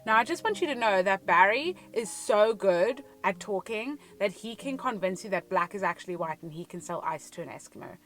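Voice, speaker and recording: A woman's voice: medium pitch, expressive, a little fast, few pauses, a bit bright, soft background music, rough recording. A young South African woman with a South African accent, telling a personal story in a frank, conversational confessional way as a vlogger in her car. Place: inside a car.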